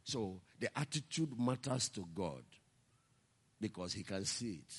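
A male pastor preaching a sermon, telling stories and building to impassioned shouts. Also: lowish voice, lively intonation, measured pace, slightly rough, in a large hall.

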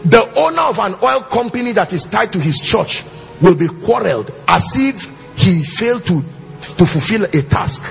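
A pastor preaching to his church, emphatic and sing-song, with shouted bursts and call-and-response questions. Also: high-pitched, very animated, moderate pace, creaky. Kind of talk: sermon. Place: church auditorium with congregation. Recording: slightly muffled church recording, faint music.

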